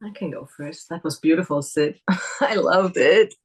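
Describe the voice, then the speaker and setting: Woman, workshop participant, breathy lower voice, searching for words, video call. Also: a little slow. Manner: warm, searching for words, laughs often. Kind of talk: personal sharing.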